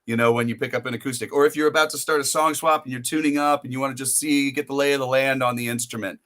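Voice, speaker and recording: A man's voice: mid-range voice, steady tone, fast, a bit bright. A male podcast host in a casual interview, rambling and rephrasing his questions as he goes.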